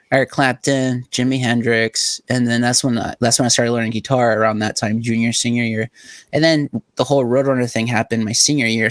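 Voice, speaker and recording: Young male co-host from Southern California, mid-pitched, dry close sound, loose swearing storyteller. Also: dry recording. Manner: rambling, profane storytelling with frequent "like". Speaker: podcast co-host. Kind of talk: casual chat.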